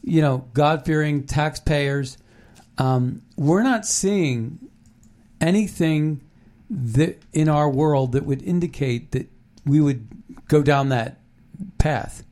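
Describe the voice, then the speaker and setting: Guy co-hosting a chat show, kinda high voice, rambly, lots of ums and restarts. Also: takes it slowly, a little mellow. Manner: rambling, many fillers and restarts. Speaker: podcast co-host. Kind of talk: casual commentary chat.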